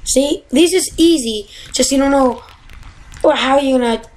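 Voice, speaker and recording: A woman giving casual, excitable commentary while playing a video game at home, often exasperated and yelping at tough jumps. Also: sits high, a little slow, low-quality recording. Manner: exasperated, excitable, yelps and gasps. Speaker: gamer.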